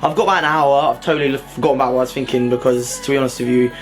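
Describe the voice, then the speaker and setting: A young British man vlogging casually to his own camera at home and in his car, excitable, slangy and full of swearing. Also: mid-range voice, very fast, soft background music. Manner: excitable, slangy and sweary, keeps saying "mate". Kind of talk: casual vlog chat to camera. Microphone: self-filmed camera.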